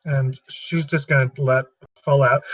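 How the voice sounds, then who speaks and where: A man's voice: mid-range voice, slightly rough, no echo, low-quality recording. A man playing a tabletop game, animatedly describing what his character does. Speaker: player. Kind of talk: casual tabletop role-play.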